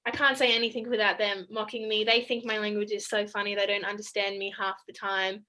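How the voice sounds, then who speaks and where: A woman's voice: medium pitch, little pitch movement, fairly quick, bright, forceful tone, low-quality recording. A young Australian woman, a college basketball player, chatting in a video call interview and laughing often between sentences. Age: young adult.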